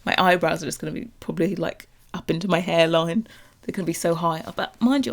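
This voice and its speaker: A young woman chatting casually over a game build, bubbly and rambling as she gets excited about new content. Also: lowish voice, normal speed, creaky. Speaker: Sims builder and YouTuber.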